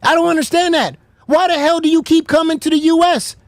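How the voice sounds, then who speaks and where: A woman's voice: very high-pitched, fairly even intonation, fairly quick, dry recording, studio quality. A woman from the United States hosting a reaction show, talking bluntly with plenty of swearing and mocking laughter. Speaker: host. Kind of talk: heated reaction commentary.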